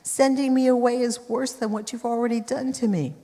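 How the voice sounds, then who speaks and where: A woman's voice: on the high side, fairly even intonation, a little fast, warm tone, pitched above the performer's own voice, close to an everyday voice. A woman preacher voicing a desperate young princess pleading with her brother, in a reverberant hall. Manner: pleading, earnest.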